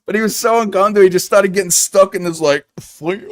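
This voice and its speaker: A man's voice: high-pitched, fairly even intonation, very fast. A man hosting a writing livestream, chatting casually, laughing often and acting out silly voices when retelling scenes. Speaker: writing channel host.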